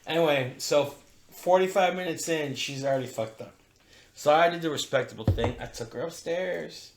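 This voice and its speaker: A man's voice: fairly high pitch, moderate pace, background noise. A man co-hosting a podcast, telling a long, profane story in casual chat. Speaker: podcast co-host. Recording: roomy echo.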